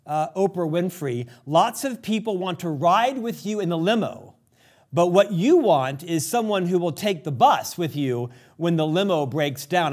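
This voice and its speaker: High-voiced male interviewer reading quotes. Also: darkish tone. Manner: measured, reads quotes aloud carefully. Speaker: host, interviewer.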